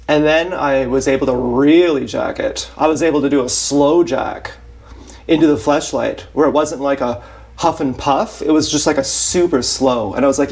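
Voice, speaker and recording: A man's voice: a little high, steady tone, moderate pace, a little mellow. A man livestreaming a rambling confessional monologue in a blunt, repetitive, self-questioning way, recorded on an action camera mic.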